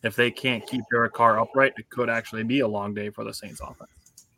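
A man's voice: medium pitch, fairly even intonation, brisk, sharp tone, no echo. A man hosting a casual sports podcast, leading the talk and handing turns to his co-hosts. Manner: leads the talk, hands turns to others. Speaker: podcast host.

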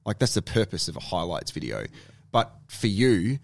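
A man's voice: low-pitched, sing-song, moderate pace, vocal fry, no room sound, clean studio sound. A man with an Australian accent hosting a podcast, chatty and teasing his guest. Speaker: podcast host. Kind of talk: casual podcast interview.

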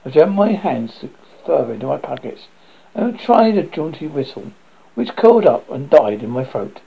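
A man reading his own book aloud in the first person, theatrical and lively, with sudden loud exclamations. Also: on the high side, moderate pace, vocal fry, slightly rough. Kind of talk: first-person storybook narration. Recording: dull lo-fi audiobook recording.

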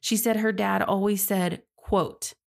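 A woman's voice: medium pitch, steady tone, measured pace, creaky, a little mellow. A young woman hosting a true crime podcast, narrating earnestly and speaking casually to her listeners. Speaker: podcast host.

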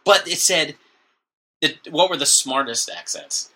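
A man's voice: on the high side, lively intonation, unhurried, pushed and bright. A man co-hosting a podcast, chatting casually and joking with frequent laughs. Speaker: podcast co-host. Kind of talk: casual chat.

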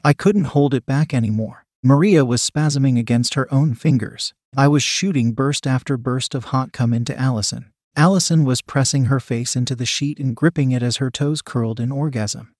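A man narrates a first-person adult story at a steady, measured pace. His voice sits in a middle pitch. It is recorded close and dry, with no room echo.

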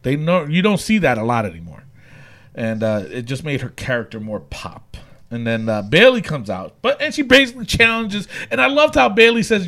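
Animated, gravelly-voiced man chatting. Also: a little high, normal speed. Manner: animated, laughs often, lots of fillers. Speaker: podcast co-host. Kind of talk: casual chat recapping wrestling.

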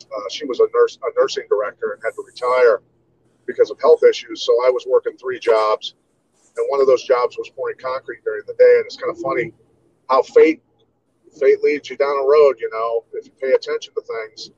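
A man in his fifties from Iowa, telling stories as an interview guest in a relaxed way, with many "you know"s. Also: mid-range voice, fairly quick, breathy edge, muffled recording. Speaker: guest, martial artist. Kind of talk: casual interview storytelling.

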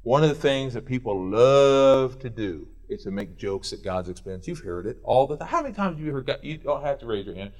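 A male pastor preaching a sermon in a church, swinging between loud urging and quiet intensity. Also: medium pitch, lively intonation, brisk, hardly any pauses.

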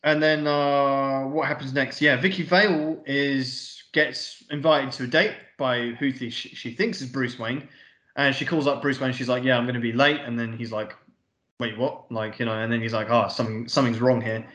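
A man's voice: mid-range voice, steady tone, normal speed, a bit bright. A man co-hosting a podcast, casually retelling a film scene by scene in loose paraphrase with frequent swearing. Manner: rambling retelling with offhand paraphrased dialogue and swearing. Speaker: podcast co-host. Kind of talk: casual film recap chat. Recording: roomy echo.

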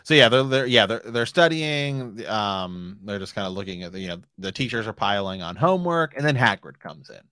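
A man's voice: lowish voice, lively intonation, brisk, hardly any pauses, sharp tone, dry recording, studio quality. A man co-hosting a casual book podcast, easygoing and hesitant with frequent restarts. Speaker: podcast co-host.

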